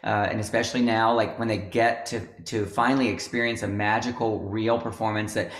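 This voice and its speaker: Low-voiced man, roomy call audio. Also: little pitch movement, brisk, fairly bright tone. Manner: rambling, many fillers and restarts. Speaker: choral music teacher. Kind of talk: casual video-call conversation. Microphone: video call.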